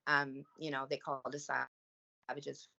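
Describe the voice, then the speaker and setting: A Canadian woman with a low, bright, forceful voice speaks earnestly in relaxed conversation, leaning on fillers. The audio is slightly dull and lo-fi. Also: normal speed. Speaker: podcast guest. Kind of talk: casual chat.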